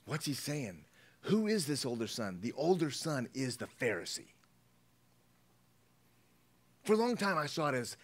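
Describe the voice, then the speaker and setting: A man preaching a sermon as pastor, animated, swinging between hushed asides and loud exclamations. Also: medium pitch, moderate pace.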